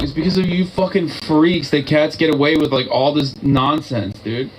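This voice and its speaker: A man's voice: fairly high pitch, moderate pace, hardly any pauses, slight background noise, low-quality recording. A man co-hosting a casual reaction show, giving blunt and opinionated rants. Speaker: co-host reacting to a video.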